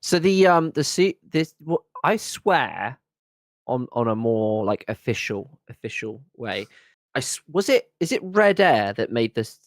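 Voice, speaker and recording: A man's voice: mid-range voice, big pitch swings, measured pace, no room sound. A man co-hosting a casual livestream chat, talking enthusiastically and rambling with restarts. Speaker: co-host.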